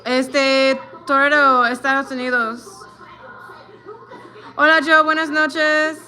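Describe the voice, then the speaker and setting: A high-pitched, slow-speaking vlogger in her thirties with an American accent chats on her live stream, welcoming viewers and switching between Spanish and English. She sounds easygoing yet hesitant, filling gaps with fillers while she crafts.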